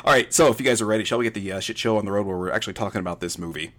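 A man's voice: lowish voice, very fast, fairly bright tone. A man hosting a podcast, recapping a film in a casual, joking way. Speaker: podcast host.

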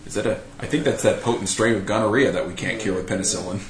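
A man's voice: on the low side, fast talker, roomy sound, slight background noise. A man hosting a casual podcast, rambling and self-deprecating with lots of fillers. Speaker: podcast host.

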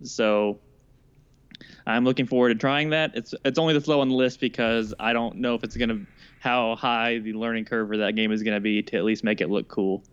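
A man co-hosts a casual gaming podcast in a smooth, resonant voice, at a middle pitch. He talks chattily, restarting his sentences often. The mic sounds slightly dull and lo-fi. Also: steady tone. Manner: chatty, halting with fillers and restarts. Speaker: podcast co-host. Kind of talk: casual chat.

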